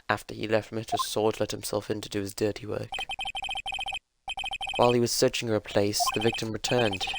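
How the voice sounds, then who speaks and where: A man's voice: on the low side, creaky, heavy background noise. A man voicing an earnest young male defense lawyer in a game, reading dialogue with some stammering. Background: loud game music.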